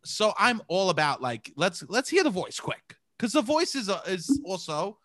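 A man's voice: high voice, sing-song, moderate pace, a bit bright, dry recording, studio quality. A man with a thick New York accent, hosting a playful, self-mocking casual chat. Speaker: host.

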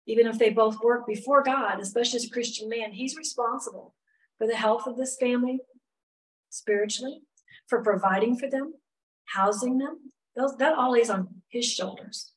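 A woman's voice: on the high side, normal speed, recorded from a distance, rough recording. Middle-aged woman, Bible study teacher, chatty and candid, voice a bit off-mic. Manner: chatty, candid, lots of "you know" asides.

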